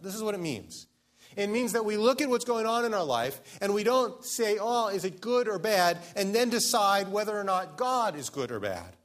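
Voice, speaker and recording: A man preaching a sermon as pastor to his church, earnest and pleading, slowing down to stress key lines. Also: high voice, a bit bright. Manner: earnest, pleading, slows down for emphasis.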